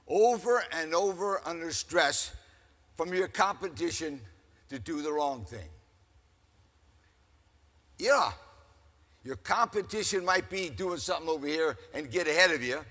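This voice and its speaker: Older man, keynote speaker, animated folksy storyteller, higher husky voice, reverberant hall. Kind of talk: storytelling speech. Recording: echoey hall.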